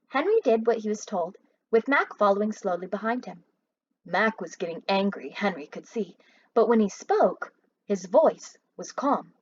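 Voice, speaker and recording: A woman's voice: medium pitch, animated, normal speed, breathy edge, lo-fi sound. A woman teacher reading a children's book aloud expressively and asking her listeners questions.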